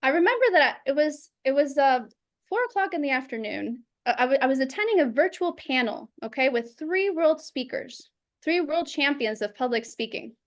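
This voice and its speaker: A woman teaching public speaking over a video call, lively and acting out examples in quoted voices. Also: sits high, moderate pace. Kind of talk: instructional talk.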